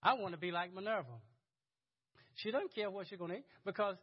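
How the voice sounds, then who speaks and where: A man's voice: high voice, a little fast, slightly rough, dull audio. A man preaching a sermon in a conversational, chuckling way, often repeating words as he goes. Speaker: pastor.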